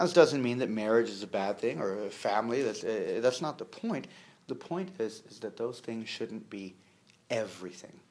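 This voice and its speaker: A man delivering a sermon in a relaxed, conversational way. His voice sits at an ordinary middle pitch. He fills pauses with "you know" and "uh", repeats words as he finds them, and drops in jokes along the way. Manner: conversational, with humor and acted-out quotes; many fillers and repeated words. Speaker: preacher.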